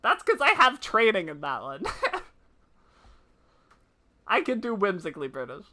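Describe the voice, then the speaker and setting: A woman's voice: medium pitch, huge pitch swings, a little slow, bright, forceful tone. A woman streaming live, chatting casually and laughing easily while answering her chat.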